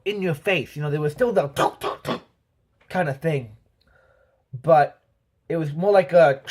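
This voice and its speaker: A man's voice: fairly high pitch, darkish tone. A man giving a casual movie review, rambling with lots of "um" and "you know" and acting out sound effects as he talks. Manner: voices sound effects and quotes while telling.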